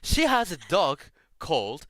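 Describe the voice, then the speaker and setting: An excitable man chatting casually as a stream guest, his pitch swooping all over as he talks. His tone is bright and forceful, and he stumbles through plenty of fillers. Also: unhurried, no room sound. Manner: excitable, laughs loudly, many fillers. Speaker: guest Vtuber. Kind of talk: casual collab stream chat.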